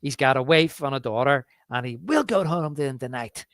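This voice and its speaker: A man with a mid-range, expressive, slightly bright voice co-hosts a movie podcast, recorded dry with clean studio sound. He chats casually about films, stumbling through restarts as he retells scenes and acts out quotes.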